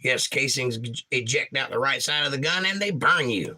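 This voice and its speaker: Man, middle-aged, very bright voice, casual livestream host, reads chat aloud, jokey. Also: mid-range voice, lively intonation, moderate pace. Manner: jokey, reads viewer comments aloud and riffs on them.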